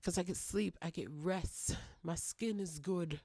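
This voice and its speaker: A woman with a gravelly, creaky voice chats casually and playfully, teasing her listeners like a fond auntie. She talks right at the mic in a dry, close room, with no echo. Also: lowish voice, a little slow, mellow. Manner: playful, teasing, clowning, with direct address. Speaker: podcast host. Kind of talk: casual advice talk to single mothers.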